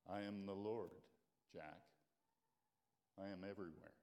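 A man voicing God as a calm, patient figure, speaking low and quiet. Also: unhurried, vocal fry.

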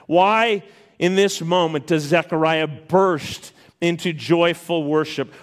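A man's voice: high voice, fairly bright tone. A man preaching a sermon, retelling a Bible story with emphatic repetitions and frequent restarts. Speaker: pastor.

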